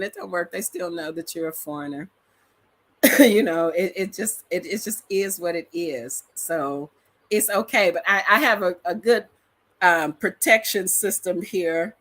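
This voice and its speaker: A bright, forward voice from a middle-aged Detroit woman with an African American accent. She vlogs in a loose, emphatic, storytelling way, slangy and full of personality. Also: fairly low pitch. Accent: African American Vernacular English, Detroit. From metropolitan Detroit, USA. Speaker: vlogger. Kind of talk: casual reaction chat to camera.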